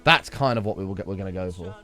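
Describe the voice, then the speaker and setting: A man's voice: low voice, racing, bright, forceful tone. A man streaming a game, muttering asides, thanking viewers and reacting casually to a tutorial video. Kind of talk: casual live-stream commentary. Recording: faint background music.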